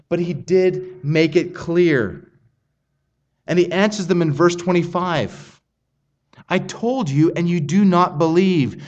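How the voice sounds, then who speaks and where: A middle-aged man preaching a sermon, earnest and emphatic, reading scripture aloud with slow, weighted pauses. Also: on the high side, darkish tone, dull audio.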